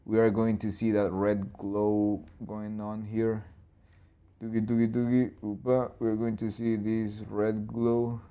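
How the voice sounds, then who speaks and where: A man in his twenties or thirties hosting a live storyboarding session, talking loosely through his ideas, with restarts and boom and plop sound effects. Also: monotone, slow pace, few pauses, mellow, clean tone. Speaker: animator and channel host.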